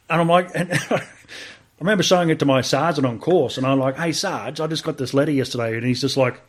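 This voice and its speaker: A man's voice: fairly high pitch, a little fast. Aussie bloke on a podcast, casual storytelling, swears a lot, does the voices of people in his story. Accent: Australian. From Australia. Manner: swears freely, animated retelling with quoted dialogue. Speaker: podcast guest, army veteran.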